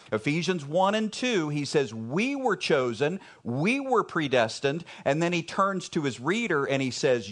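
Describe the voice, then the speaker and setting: Man, Texan accent, pastor's sermon, unhurried, slightly high voice, emphatic repetition. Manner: emphatic, conversational preaching with repetition.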